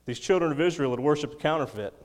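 A man's voice: a little high, fast talker, in a large hall. A man preaching a sermon, reading scripture and adding folksy, chuckling asides. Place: church.

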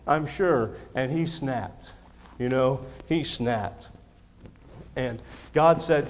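A man preaching in a church sanctuary, his voice ringing with a long hall reverb. He presses his points by repeating them and pokes fun at himself, sitting at a middle pitch. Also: drawn-out words, slight background noise. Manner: emphatic, repeats key lines, self-deprecating humor. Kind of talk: sermon. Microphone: handheld or stand microphone.

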